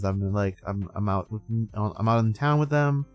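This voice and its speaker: A man's voice: fairly low pitch, fairly even intonation, moderate pace, faint music behind. Sleepy, rambling young male streamer. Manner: sleepy, rambling, laughs often. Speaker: streamer host. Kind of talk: casual stream chat.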